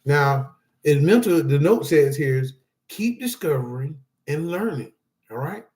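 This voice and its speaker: A man with a fairly high speaking voice gives motivational advice indoors, reading from his notes. He rambles loosely and keeps checking in with his listeners. His tone stays casual and encouraging throughout. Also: expressive, measured pace, a little mellow. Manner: loose and rambling, talks straight to viewers with frequent "all right?" and "okay?". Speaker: support group speaker.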